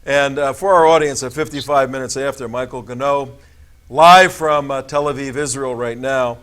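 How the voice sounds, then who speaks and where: A man's voice: mid-range voice, moderate pace, fairly bright tone, smooth. A man hosting a talk show, rambling and jokey with his guest. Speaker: show host.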